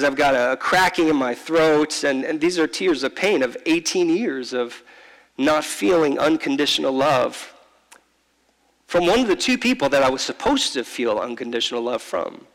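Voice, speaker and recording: A man preaching to his church in a fairly high, gravelly voice. He tells the story from the heart, stumbling and repeating words as he goes. His voice rings with the long echo of a big church hall. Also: fairly bright tone. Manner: heartfelt, halting, repeats words, slows for emphasis. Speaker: pastor. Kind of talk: sermon storytelling. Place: large church.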